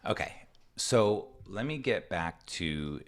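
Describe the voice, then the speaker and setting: Deep-voiced man coaching parents. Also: expressive, slow pace. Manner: earnest and conversational, acts out parent and child voices. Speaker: executive function coach presenting to parents. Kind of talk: online presentation with Q&A. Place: home room with a door.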